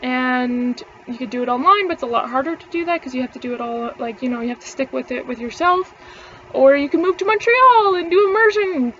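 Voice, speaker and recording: A woman's voice: sits high, fairly quick, fairly bright tone, lo-fi sound, a little hiss or hum. A young woman, ranting casually to camera, rambling, swearing freely and laughing between words. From Canada. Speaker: vlogger.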